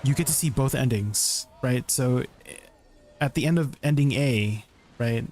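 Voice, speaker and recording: A man streaming live, chatting casually to his viewers in a rambling, excitable way, full of restarts and filler words. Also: mid-range voice, unhurried, a little hiss or hum.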